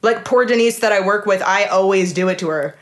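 Woman on a video call, chatty and giggly, middle pitch, keeps doing little impressions. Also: a little fast, noisy background. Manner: animated, laughing, playful impressions. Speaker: co-host. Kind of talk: casual chat over video call.

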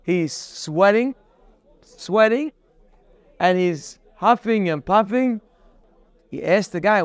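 A man's voice: sits high, lively intonation, takes it slowly, pauses often, clean tone, dry recording. A man teaching a morning Torah class, emphatic, with rhetorical questions and repeated phrases, telling a parable. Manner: tells parables in a storytelling voice.

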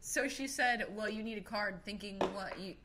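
A woman's voice: medium pitch, moderate pace, pushed and bright, a little hiss or hum. A woman co-hosting a casual podcast, teasing her friend, laughing often and mimicking people. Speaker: podcast co-host. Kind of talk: casual chat.

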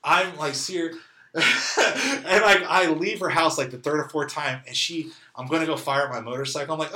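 Bright-voiced man, lively storytelling. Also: a little high, moderate pace, echoey room. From California. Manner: animated, laughing, acts out quoted lines. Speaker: guest telling his story. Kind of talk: casual storytelling.

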